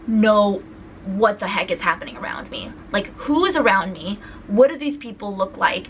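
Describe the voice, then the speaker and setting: A young woman from California chatting to camera in a vlog, retelling road-trip run-ins in an animated way with lots of restarts. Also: on the high side, a little hiss or hum, rough recording. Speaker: vlogger. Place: indoors at a rental home.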